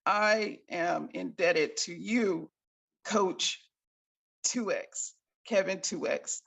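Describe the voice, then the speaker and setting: A woman's voice: on the low side, very slow, creaky, slightly rough. A woman caller giving a grateful, effusive testimonial on a group call.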